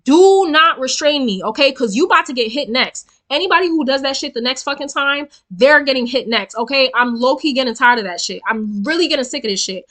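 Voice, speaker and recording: Bright-voiced young woman ranting a storytime. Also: sits high, a little fast, hardly any pauses. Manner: animated, profane and emphatic, talking straight to viewers. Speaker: storytelling vlogger. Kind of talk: casual storytime rant.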